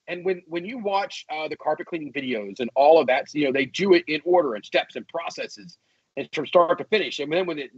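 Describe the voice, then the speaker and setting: A man co-hosting a podcast, teasing his friends and telling stories with halting restarts. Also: fairly high pitch, breathy edge, no echo. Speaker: podcast co-host. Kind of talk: casual podcast banter. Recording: dull lo-fi sound.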